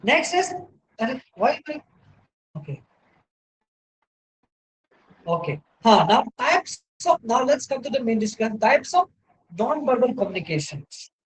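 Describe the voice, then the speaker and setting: A male university lecturer with an Indian English accent talks into his laptop microphone indoors for a video lecture. His very high voice swings hugely in pitch at a measured pace with long pauses, and the low-quality recording carries a slight hiss or hum. He rambles and keeps repeating "you know" and "right?".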